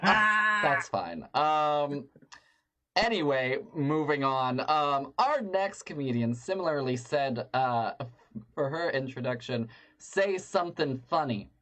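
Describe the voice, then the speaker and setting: A woman's voice: low-pitched, animated, slow pace, fairly bright tone. A woman hosting an open mic, introducing comedians with a hesitant, filler-heavy delivery. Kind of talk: emceeing between comedians. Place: small comedy club.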